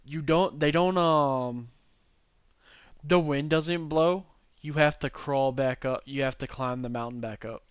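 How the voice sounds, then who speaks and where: A man's voice: fairly high pitch, unhurried, clear, resonant tone, no echo, highs cut off. A man co-hosting a podcast in casual chat, animatedly retelling scenes and acting out characters' lines. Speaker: podcast co-host.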